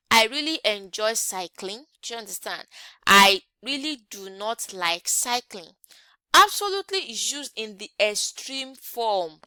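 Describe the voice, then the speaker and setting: A woman's voice: on the high side, pushed and bright, clean tone, no echo. A woman teaching an English grammar lesson online, often checking in with rhetorical questions.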